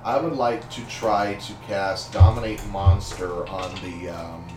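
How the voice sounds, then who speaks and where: Slow, hesitant tabletop player. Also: low voice, steady tone. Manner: hesitant, many ums. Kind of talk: tabletop game play. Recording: roomy, distant mic with background music.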